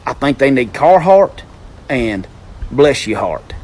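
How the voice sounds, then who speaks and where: A man's voice: mid-range voice, very animated, slow, darkish tone, breathy edge, exaggerated voice. A man putting on a folksy Southern country man with a drawling Southern US accent, homespun and slightly off-mic.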